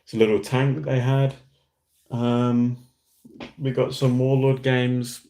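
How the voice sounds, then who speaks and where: A man's voice: mid-range voice, completely flat delivery, slow, warm tone. A young Australian man from Western Australia hosting a casual livestream, chatting easily and reading out and answering viewer comments. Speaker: livestream host.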